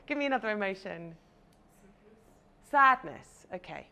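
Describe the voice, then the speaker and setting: A woman's voice: mid-range voice, expressive, normal speed, fairly bright tone. A woman, a confidence coach giving a chatty, playful talk to a live audience on stage.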